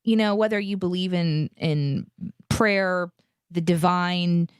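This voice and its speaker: A woman's voice: lowish voice, takes it slowly, clean tone, dry recording, clean studio sound. A woman in her thirties co-hosting a live morning show, telling a story in casual, upbeat chat. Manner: chatty storytelling, upbeat, animated.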